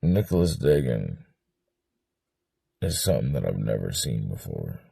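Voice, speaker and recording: Dude in a documentary interview, swears a ton, lively up-and-down voice, dry close sound. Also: male voice, rumbling low, a little slow, vocal fry, slightly rough, no echo. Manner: profane, excitable, rambling with frequent laughs. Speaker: former bandmate interviewed.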